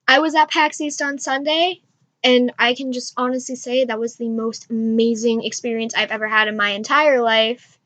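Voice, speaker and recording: A woman's voice: on the high side, fairly even intonation, normal speed, a bit bright. A young woman vlogger telling a story to camera in a gushing, rambling way, full of "like". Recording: dull lo-fi home recording.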